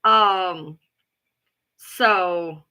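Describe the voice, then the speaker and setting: A woman rants casually to her followers in a very bright, forceful voice. She is blunt and profane and hammers her points home by repeating them. She talks like the loud, take-charge person she says she is. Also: lowish voice, extremely slow, clean tone, dull audio. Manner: blunt, profane and emphatic, often repeating herself; loud, self-described alpha female. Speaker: live streamer. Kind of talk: casual ranting chat.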